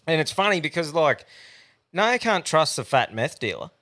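An Australian man co-hosting a podcast, recounting a night out with loud laughter and free swearing. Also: a little high, sing-song, moderate pace. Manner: swears freely, laughs loudly. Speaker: podcast co-host. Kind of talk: casual crude storytelling.

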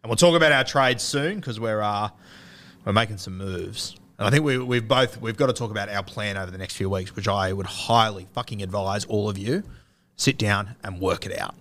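A man's voice: on the low side, moderate pace, a bit bright. A young Australian man co-hosting a podcast, chatting loosely, joking and swearing freely. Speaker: podcast co-host. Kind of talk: casual podcast banter.

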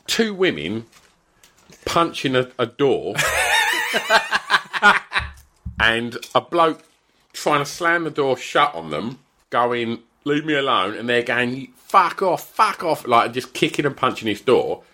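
A man's voice: mid-range voice, slow pace, pauses often. A middle-aged man telling a story in casual chat, swearing freely and acting out what people said. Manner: animated, swears freely, acts out quotes.

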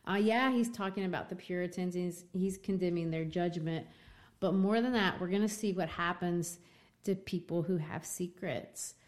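A woman in a casual book discussion, retelling the story in an animated way. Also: lowish voice, moderate pace. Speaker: co-host discussing a novel.

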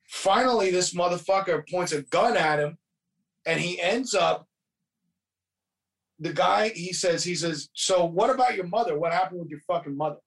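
High-voiced guy cussing his way through a movie recap, mic kinda far off. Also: fairly bright tone. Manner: profane, rambling storytelling with quoted voices. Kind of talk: casual movie recap chat.

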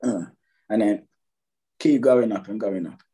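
A man's voice: lowish voice, a little slow, warm tone, slightly rough, poor audio. A man giving dating advice in casual conversation, emphatic, acting out examples as he talks. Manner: emphatic, repeats and restarts, acts out examples. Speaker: dating coach guest.

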